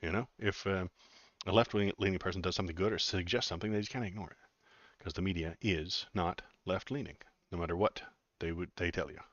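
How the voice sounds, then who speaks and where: A deep-voiced man rambles through political news on his livestream, dropping sarcastic jokes between filler words. The sound is dry and slightly dull, like a cheap home mic. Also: brisk, fairly bright tone, dry recording. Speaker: political commentary streamer. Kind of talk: casual livestream commentary.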